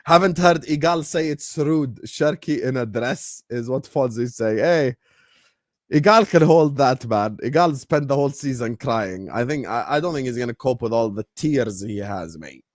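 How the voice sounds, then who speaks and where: A man hosting a football fan livestream, excitable and laughing as he trash-talks rivals and banters with chat. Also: mid-range voice, moderate pace, dry recording, clean studio sound.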